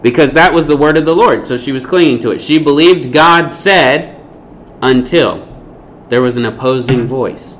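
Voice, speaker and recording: A man's voice: mid-range voice, moderate pace, a bit bright, slight background noise. A man teaching a Bible lesson, speaking emphatically and often asking rhetorical questions.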